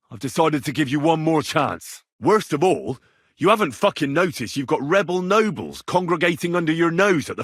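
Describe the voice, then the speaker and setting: Wry husky young medieval hero. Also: male voice, on the high side, no room sound, studio quality. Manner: sardonic, swears freely. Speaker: game protagonist. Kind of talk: game voice lines.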